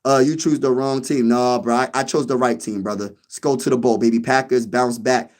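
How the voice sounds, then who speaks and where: A young man from Pennsylvania hosting a casual sports talk stream, slangy and animated, repeating lines for emphasis. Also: medium pitch, fairly quick. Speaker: sports show host. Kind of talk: casual live-stream chat.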